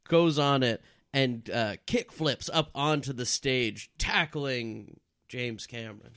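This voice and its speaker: A man narrating an improv comedy scene in a middle-pitched voice, laid back and full of fillers. The recording is dry and close to the mic. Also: slow pace, fairly bright tone, dry recording. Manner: casual, with fillers.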